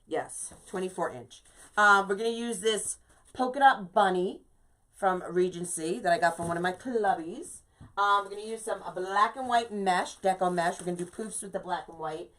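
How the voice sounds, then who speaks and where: A woman's voice: medium pitch, moderate pace, a bit bright. A woman hosting a casual live-streamed wreath-making tutorial, chatting to viewers, greeting them by name and checking in with "okay?" from a home craft space. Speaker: craft livestream host.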